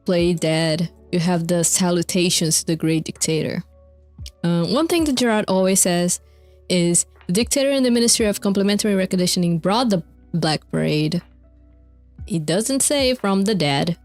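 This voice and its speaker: A woman's voice: on the low side, moderate pace, a little mellow, no room sound, faint music behind. A young woman streamer casually recapping concert lore, rambling with fillers, swearing and laughing often. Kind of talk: casual chat over video clips.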